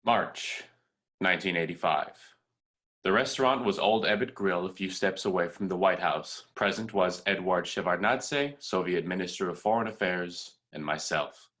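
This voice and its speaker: A man reading as a measured American statesman, deep-voiced. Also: a bit bright. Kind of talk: script reading over video call. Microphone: video call.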